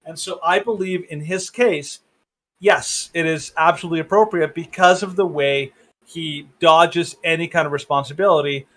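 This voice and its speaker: A man co-hosting a podcast over a video call, talking politics in a halting, opinionated way. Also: on the high side, fairly bright tone. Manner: halting, many fillers and restarts, opinionated. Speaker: podcast co-host. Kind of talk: casual political discussion.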